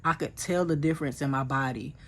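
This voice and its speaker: A woman's voice: deep voice, brisk. A woman from the United States, telling an earnest, emotional story about her mission trip in a casual vlog, with many fillers and restarts.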